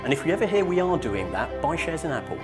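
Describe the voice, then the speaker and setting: A man's voice: fairly high pitch, big pitch swings, quick pace, over music. A man from Norfolk, giving a technical conference talk to a live audience in a joking, self-deprecating way. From Norfolk, England. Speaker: conference speaker.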